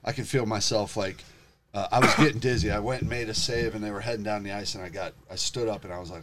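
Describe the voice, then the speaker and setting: A middle-aged man with a lowish voice tells his story in loose, animated chat. He swears freely and gets emotional. A faint hiss sits under the recording. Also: fast talker. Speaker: guest telling his story. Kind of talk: casual chat.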